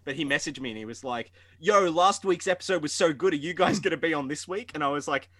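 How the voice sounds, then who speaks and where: A man's voice: fairly high pitch, fast, pushed and bright, no room sound. A young man co-hosting a podcast, casual and sardonic, cursing freely. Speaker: podcast co-host. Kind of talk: casual chat.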